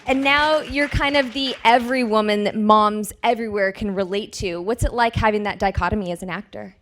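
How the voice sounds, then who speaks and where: A woman's voice: mid-range voice, brisk, a bit bright. A woman moderating a panel, putting upbeat questions to the cast.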